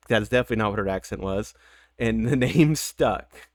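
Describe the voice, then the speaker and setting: A man's voice: on the low side, fairly quick, dry recording, studio quality. A young man hosting a let's play, chatting casually with rambling, self-mocking asides. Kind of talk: casual gameplay commentary.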